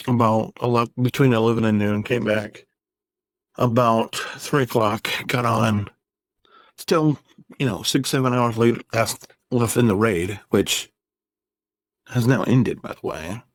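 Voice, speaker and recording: A man's voice: mid-range voice, steady tone, unhurried, pauses often, no echo. A man in his thirties, a gaming YouTuber, ranting in a casual vlog, rambling, exasperated and sarcastic.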